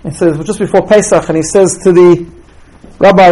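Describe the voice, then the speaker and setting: Religious teacher, male, high-pitched, storytelling delivery, repeats himself on restarts. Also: steady tone, moderate pace, warm tone, low-quality recording. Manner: storytelling, tags points with "right?". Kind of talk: teaching talk with stories.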